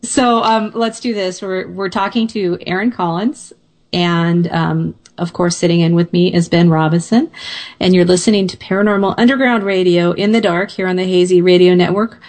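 A woman hosting a talk radio show, smoothly leading into a break. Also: fairly low pitch, fairly even intonation, normal speed, darkish tone.

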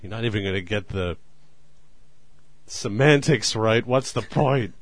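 A man's voice: lowish voice, measured pace. A man hosting a casual podcast, teasing his co-host in a dry way and laughing often.

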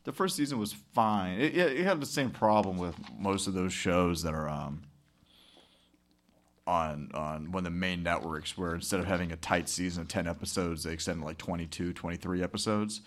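A man's voice: low voice, normal speed. A man co-hosting a podcast in casual chat, profane and rambling, laughing often. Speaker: podcast co-host.

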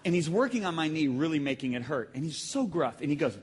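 A male preacher delivering a sermon to a live congregation, swinging between quiet storytelling and sudden shouts. His voice is slightly high and husky, with a lively, sweeping pitch. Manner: animated storytelling, sudden shouts and emphatic drawn-out phrases. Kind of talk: sermon with audience call-and-response. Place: church hall with live congregation.

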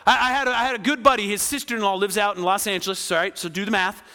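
A man preaching a lively sermon, often asking the crowd "right?" and acting out quoted voices. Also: sits high, racing, clear, resonant tone, big-room sound. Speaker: pastor.

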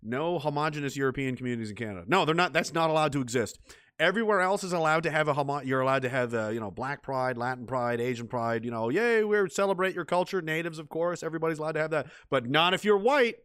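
A man's voice: fairly high pitch, fast talker, fairly bright tone, smooth, dry recording, clean studio sound. A man reading viewer messages on a livestream, ranting and swearing, trailing off into mumbled asides. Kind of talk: profane livestream chat reading.

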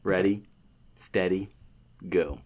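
A man's voice: deep voice, fairly even intonation, slow, darkish tone. A man co-hosting a comedy podcast, keeping time and joking in a playful, giggly way. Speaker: co-host and timekeeper. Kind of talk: casual comedy podcast banter.

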